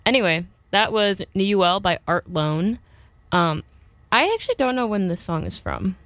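A young woman hosting a college radio show, making wry, deadpan asides in casual chat. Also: medium pitch, moderate pace, no echo. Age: young adult. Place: small radio studio.

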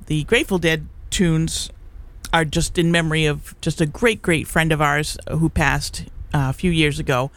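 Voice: medium pitch, fairly bright tone. Rambling, easygoing middle-aged radio DJ. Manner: rambling and halting, full of fillers and restarts; chuckles often, easygoing. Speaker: community radio DJ. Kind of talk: casual live radio chat. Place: radio studio.

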